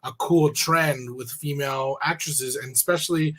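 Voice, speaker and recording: A man's voice: medium pitch, fairly even intonation, moderate pace, fairly bright tone. A man hosting a talk radio show, asking long, rambling questions in a casual conversational way. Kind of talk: radio interview.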